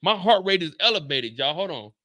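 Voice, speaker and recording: A man hosting a casual show recap, telling stories loudly with lots of profanity and acting out the dialogue. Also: sits high, a little fast, no echo. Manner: loud, profane, animated, acts out dialogue. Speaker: show host.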